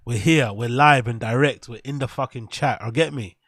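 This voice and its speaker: An English man hosting a casual live reaction stream, joking crudely and shouting out viewers in chat. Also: medium pitch, moderate pace, no room sound, studio quality.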